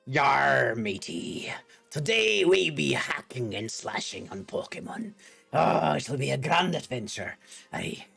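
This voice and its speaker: A man's voice: mid-range voice, very animated, takes it slowly, creaky, bright, forceful tone, faint music behind, full character voice. A man voicing a boisterous old sea pirate in a hammy, growly put-on accent. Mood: jolly.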